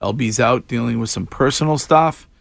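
A man's voice: medium pitch, vocal fry. A man hosting a morning radio show, chatting casually and laughing often with his co-hosts in a radio studio. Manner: laughs often, quick lively back-and-forth.

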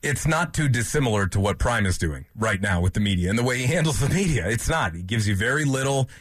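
A man co-hosts a sports radio show with a husky, slightly raspy voice. His sound is dry and close, and he keeps the conversation easygoing. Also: mid-range voice, animated, fast talker, dry recording. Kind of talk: sports talk radio chat.

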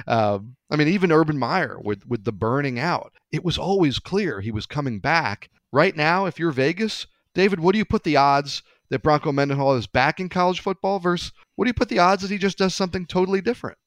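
A man's voice: on the high side, expressive, brisk, no room sound. Conversational man hosting sports talk. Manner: conversational, hesitant, asks co-host questions.

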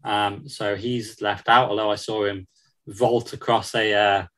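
A man's voice: lowish voice, little pitch movement, a little slow, fairly bright tone, low-quality recording. A man chatting casually about football on a podcast, with many ums and restarts and frequent laughs. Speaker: football reporter.

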